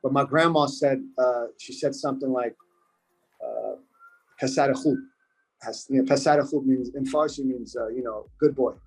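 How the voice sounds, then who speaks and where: A man's voice: medium pitch, moderate pace, darkish tone, breathy edge, poor audio. A man from the United States, a podcast guest talking in a casual interview, earnest and repeating his points for emphasis.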